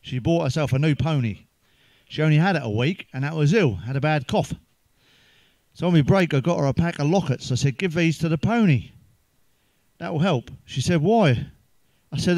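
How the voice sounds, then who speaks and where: A man's voice: on the high side, expressive, normal speed, vocal fry, pauses often, a little mellow, no room sound. An English man doing crude one-liner stand-up, swearing heavily and laughing at his own jokes. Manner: sips a drink between jokes. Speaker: stand-up comedian.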